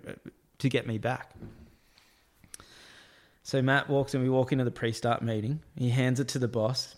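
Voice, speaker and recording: A man telling a casual anecdote about work, with crude slang, acted-out quotes and frequent laughs. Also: mid-range voice. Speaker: storyteller, construction worker.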